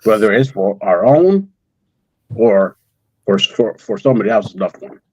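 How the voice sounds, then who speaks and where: A man talking in an emotional conversation, halting and repeating words as he speaks through tears. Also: lowish voice, animated, mellow, slightly rough, no room sound, lo-fi sound. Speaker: guest, father of a missing daughter.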